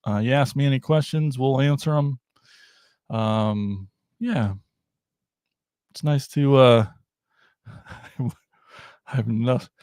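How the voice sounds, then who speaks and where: A man's voice: mid-range voice, darkish tone, no echo, clean studio sound. A middle-aged man hosting a casual toy unboxing livestream, rambling and joking at his own expense. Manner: rambling, self-deprecating, jokey. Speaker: toy podcast host.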